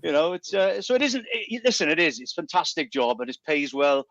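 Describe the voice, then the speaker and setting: Guest, middle-aged man, chatty raconteur who trips over his words; higher pitch, sounds dull and dry over a remote line. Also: fairly quick, dry recording. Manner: animated storyteller, stumbles and repeats words. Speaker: guest entertainer. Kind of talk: casual radio chat.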